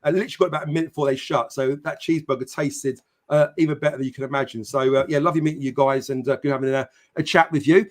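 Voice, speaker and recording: A man's voice: medium pitch, fairly even intonation, rapid-fire, hardly any pauses. A man hosting a live football podcast stream, chatting casually with many fillers and greeting viewers by name. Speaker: podcast host.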